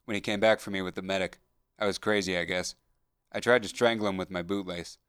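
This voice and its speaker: A man reads a haunted young soldier who speaks quietly and in a subdued way. His voice sits low and soft. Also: fairly even intonation, quick pace, smooth, no room sound, clean studio sound. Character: weak, haunted young soldier recovering in hospital.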